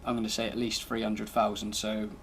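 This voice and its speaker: A man's voice: fairly low pitch, completely flat delivery, fairly quick, fairly bright tone, slight background noise. A man giving casual, laid-back commentary over gameplay, thinking aloud as he drives and tests a car. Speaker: gaming channel host.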